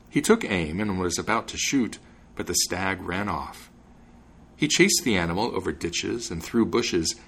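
Low gravelly guy reading fairy tales, lots of up and down. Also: fairly bright tone. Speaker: podcast host and reader. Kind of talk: storybook narration.

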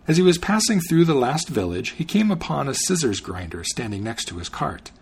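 Gravelly, expressive male storyteller. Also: mid-range voice, fairly quick. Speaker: storyteller and podcast host. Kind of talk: storybook narration.

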